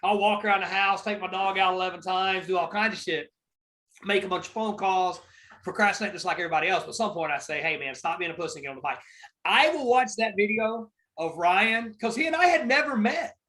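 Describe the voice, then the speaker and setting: A man's voice: high-pitched, brisk, pushed and bright, low-quality recording. A man hosting a casual podcast chat, telling stories in a rambling, emphatic and heavily profane way. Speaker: podcast host.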